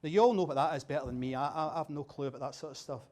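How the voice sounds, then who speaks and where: A man's voice: fairly high pitch, racing, a little mellow. A man giving an after-dinner talk at a dinner event, chatty and self-deprecating, often restarting his sentences. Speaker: dinner speaker.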